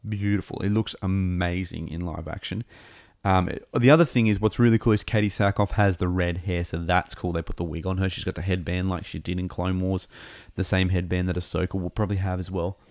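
Gravelly low-voiced man rambling excitedly. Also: brisk, no echo, clean studio sound. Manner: rambling, enthusiastic, many ums and restarts. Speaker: show reviewer. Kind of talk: casual recap talk.

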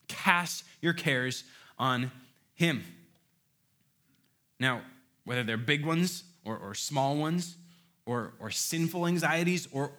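A man preaching a sermon, emphatic and building to loud rhetorical questions, often repeating words as he starts a phrase. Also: a little high.

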